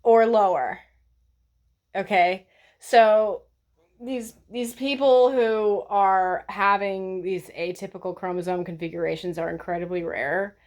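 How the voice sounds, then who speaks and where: A woman's voice: medium pitch, steady tone, a little slow, a little mellow. A woman vlogger talking in a blunt, sarcastic, profane way as she rants to the camera. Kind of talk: casual ranting vlog.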